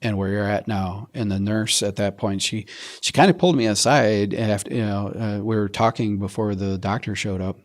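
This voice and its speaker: A middle-aged man telling his health story in an interview, animated, acting out his own quotes and often restarting sentences. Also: lowish voice, normal speed.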